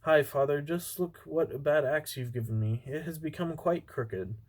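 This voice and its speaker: A man's voice: fairly high pitch, moderate pace, close to an everyday voice. A man voicing a stubborn, clever young woodcutter's son, read plainly with stumbles and restarts. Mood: assured.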